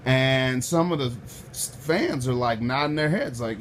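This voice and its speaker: Man, loud, profane, animated storytelling, mid-pitched voice, faint hiss behind. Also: measured pace. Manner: profane, acts out the people in his story, swings from quiet to shouting. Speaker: storyteller recounting a personal run-in.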